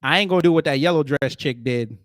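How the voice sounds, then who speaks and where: A man hosting casual reaction commentary, animated and exclamatory, with heavy slang and jokes. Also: on the high side, quick pace, no echo, studio quality. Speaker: commentary host.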